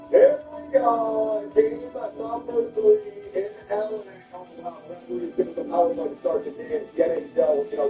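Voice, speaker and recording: A man commentating a hockey video game play by play, swinging from calm calls to loud outbursts and cursing, from Canada. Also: sits high, echoey room, recorded from a distance, poor audio. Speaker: gaming commentator.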